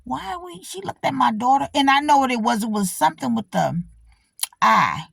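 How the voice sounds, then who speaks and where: A woman's voice: fairly high pitch, moderate pace, creaky, husky, no room sound, clean studio sound. A middle-aged woman hosting her own channel, telling a personal story in casual, blunt, profane talk, often checking in with her audience. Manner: animated, talks back to the audience, repeats herself. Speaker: channel host.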